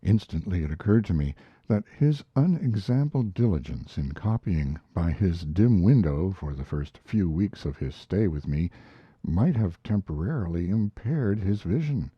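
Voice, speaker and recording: A man reading a classic story aloud as audiobook narration, measured and expressive. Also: low-pitched, breathy edge, no room sound. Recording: dull lo-fi recording.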